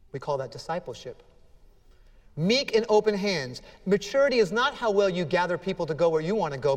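A man's voice: sits high, big-room sound. A man preaching a sermon as pastor, earnest and emphatic, acting out scripture dialogue with feeling.

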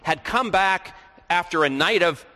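A man's voice: sits high, animated, a little slow, sharp tone. A man preaching a sermon, reading scripture aloud and then explaining it. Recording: long reverb of a large hall.

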